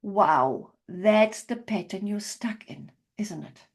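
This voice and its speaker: A woman couples therapist demonstrating a session to a group, speaking gently and checking in often to validate what she hears. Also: medium pitch, animated, slow, gravelly.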